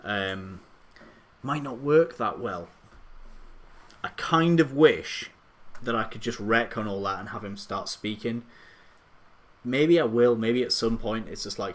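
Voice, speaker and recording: A man's voice: lowish voice, measured pace. A man live streaming late at night from his home computer, rambling and self-deprecating, with lots of hesitant restarts. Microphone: desktop USB microphone.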